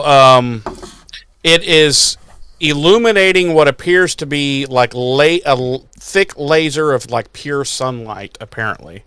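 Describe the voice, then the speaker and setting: A man's voice: medium pitch, a bit bright, clear, resonant tone, no room sound. A man co-hosting a podcast, recapping an episode in casual chat with wry, profane asides. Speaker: podcast co-host.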